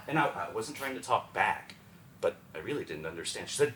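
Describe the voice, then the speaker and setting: A man from Texas performing a one-man stage show, telling stories in an animated, conversational way in a roomy theater. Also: on the low side, fairly quick, far from the mic. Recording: roomy theater with faint ambience.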